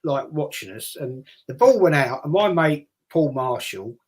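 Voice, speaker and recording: A man's voice: on the high side, big pitch swings, measured pace, husky. Older London man telling rambling stories. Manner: rambling anecdotal storytelling with acted-out voices. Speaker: host. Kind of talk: casual chat.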